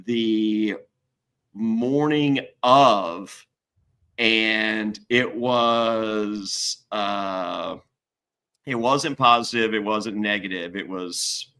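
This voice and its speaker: A man with a bright, ringing voice tells a rambling story in casual chat. He curses freely and leaps up in pitch whenever he acts out someone else's words, then drops back to a low, even telling. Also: very slow, clear, resonant tone. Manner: animated, swears, acts out other people's lines in high voices. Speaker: guest.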